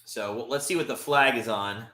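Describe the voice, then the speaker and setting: In an echoey room, a man with a mid-range voice hosts a live watch party, giving play-by-play fan commentary at normal speed. Frustrated and animated, he swings from calm play calls to exasperated outbursts.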